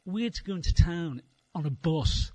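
A man's voice: on the high side, expressive, moderate pace, mellow, no room sound. A middle-aged man with a Dublin Irish accent doing a rambling, wry stand-up set on a live stage, swearing freely. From Ireland. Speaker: stand-up comedian and poet. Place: live venue before an audience.

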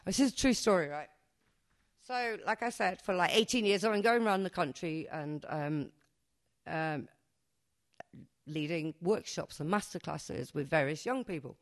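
A woman's voice: lowish voice, normal speed. A woman, telling a comic true story on stage to a live audience, chatty and self-mocking, swearing freely. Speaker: performance poet.

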